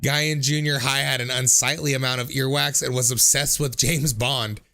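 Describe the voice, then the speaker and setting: A man in his thirties riffs on viewer comments with loose, joking commentary, cursing and cracking himself up. His voice is gravelly and bright, with lively swings in pitch. Faint music plays behind him. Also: moderate pace. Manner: animated, jokey, swears freely, laughs often. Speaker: streamer reading viewer comments. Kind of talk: casual comedic commentary.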